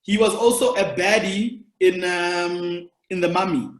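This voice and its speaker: A man's voice: high-pitched, steady tone, measured pace. A South African man with a South African accent, hosting a casual interview chat in a chatty, teasing way. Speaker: podcast host. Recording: echoey room.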